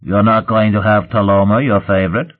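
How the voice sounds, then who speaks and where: Man doing a gravelly gruff woman attendant, low and flat, tinny phone-line sound. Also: fairly quick, natural voice. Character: gruff heavy-set female attendant.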